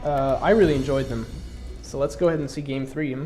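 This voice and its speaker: A man's voice: mid-range voice, brisk, faint music behind. Congested man talking through his match. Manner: explanatory, relaxed, with fillers. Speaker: player commentating his own match. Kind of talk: casual game commentary.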